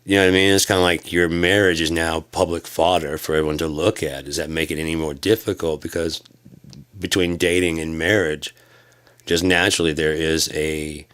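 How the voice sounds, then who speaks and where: Vlogger, male, low voice; rambling, halting, profane rant. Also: steady tone, smooth. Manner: profane, loud bursts of high-pitched exclamation; halting, many restarts and fillers.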